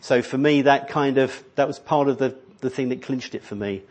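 A man's voice: medium pitch, moderate pace, a little mellow. Middle aged guy pastor giving a sermon in a church hall, easygoing, keeps restarting sentences. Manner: conversational, rambling with frequent restarts and ums.

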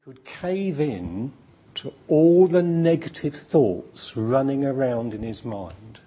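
A man's voice: mid-range voice, lively intonation, takes it slowly, warm tone, breathy edge. A man preaching a sermon in an emphatic, repetitive, storytelling manner.

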